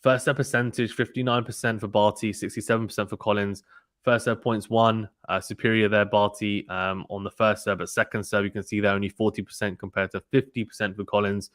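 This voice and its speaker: A man giving casual live play-by-play tennis commentary and reading out viewer chat, in a brisk, chatty manner with frequent ums and restarts. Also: on the low side, little pitch movement, fairly bright tone, no echo, studio quality.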